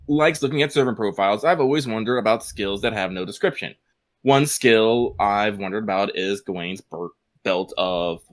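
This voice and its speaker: A man co-hosting a podcast, chatting casually and reading out listener mail in an animated way, laughing often. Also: medium pitch. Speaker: podcast co-host.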